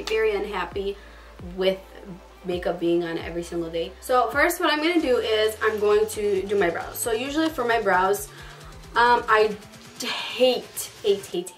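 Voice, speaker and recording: A woman chatting quickly and casually through a makeup tutorial, filling her talk with "like". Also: medium pitch. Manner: fast-talking, chatty, lots of "like". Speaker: beauty vlogger. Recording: distant mic, faint background music.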